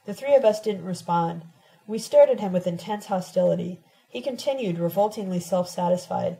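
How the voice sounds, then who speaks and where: A woman narrating a novel told in letters, reading in a steady, measured first-person voice. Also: fairly low pitch, vocal fry, low-quality recording. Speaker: audiobook reader.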